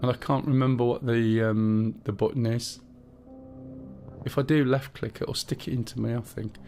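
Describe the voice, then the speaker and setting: A man's voice: mid-range voice, fairly even intonation, moderate pace, warm tone, faint music behind. A man streaming a game, chatting casually and talking a teammate through the controls, thinking aloud with fillers as he goes. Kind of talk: casual gameplay chat.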